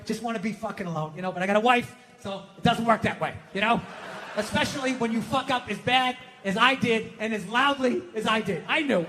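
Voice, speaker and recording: Male stand-up from the US, high-pitched, exasperated profane ranter. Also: fairly bright tone, a little hiss or hum. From United States. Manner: profane, exasperated, self-mocking ranting. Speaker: stand-up comedian. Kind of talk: stand-up comedy routine.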